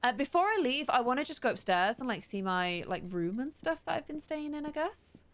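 A woman's voice: high-pitched, sing-song, a bit bright. Chatty young woman narrating her gameplay. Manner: chatty, curious, thinks aloud and reads slowly word by word. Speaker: let's-play host. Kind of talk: gaming commentary, reading game text aloud.

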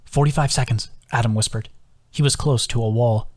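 Reading his own novel as an audiobook, a man keeps a steady, measured delivery at a middling pitch. The narration stays level, softening to a hush whenever characters whisper.

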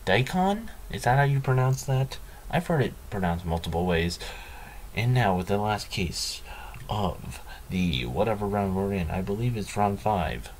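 A man's voice: on the low side, lively intonation, normal speed, darkish tone, slight background noise. A man hosting a let's play, commenting in a dry, sarcastic, self-mocking way. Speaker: gaming channel host.

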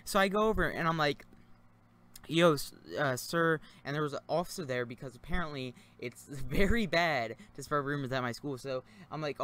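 A man's voice: on the high side, animated, a little fast, a bit bright. A young man commentating over gameplay, telling a rambling story in a loose, casual way, with plenty of fillers and casual swearing. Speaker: gaming channel commentator.

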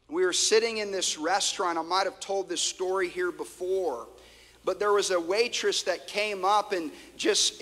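Bright-voiced man preaching in an echoing hall. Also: high voice. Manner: animated storytelling preacher, swings from loud to hushed. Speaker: pastor. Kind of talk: sermon. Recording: long hall reverb.

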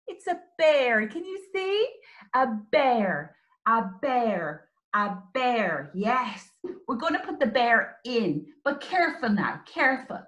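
Woman, early years teacher, slow sing-song voice, very lively pitch. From Ireland. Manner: animated, sing-song, exclamatory. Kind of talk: children's lesson with songs. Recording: roomy echo.

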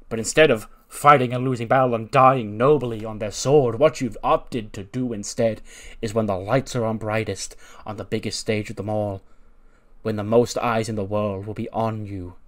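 A man voicing a menacing pro wrestler cutting a slow, dramatic promo with drawn-out pauses. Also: lowish voice, lightly acted.

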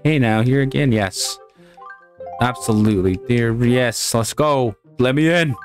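A male gamer talking casually through his playthrough at a middle pitch. He is excitable and quick to swear and laugh when things go wrong, with faint game music behind him. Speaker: let's play gamer. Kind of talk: casual gameplay commentary.

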